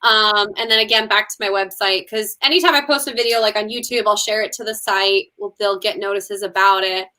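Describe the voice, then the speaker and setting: Bright, chatty woman musician guest. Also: mid-range voice, steady tone, brisk, few pauses. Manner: chatty, many ums and likes, laughs often. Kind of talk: casual interview chat.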